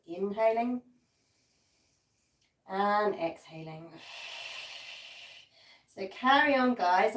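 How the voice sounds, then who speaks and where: A woman teaching a live pilates class, counting reps aloud and giving encouraging cues while she demonstrates, a little out of breath. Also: medium pitch. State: slightly out of breath. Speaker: pilates instructor. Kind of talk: live-streamed workout class instruction. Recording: echoey room, voice from a distance.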